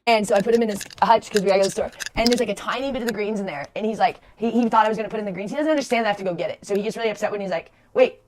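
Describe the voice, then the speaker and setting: A woman's voice: medium pitch, racing, few pauses. A woman vlogger chatting casually to camera, rambling with lots of fillers. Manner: rambling, full of fillers and restarts.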